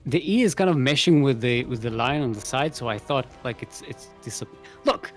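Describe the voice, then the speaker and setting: A man's voice: medium pitch, animated, brisk, soft background music. A young man casually casting a live game tournament, chatty and rambling, laughing often and a bit out of breath. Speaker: esports caster.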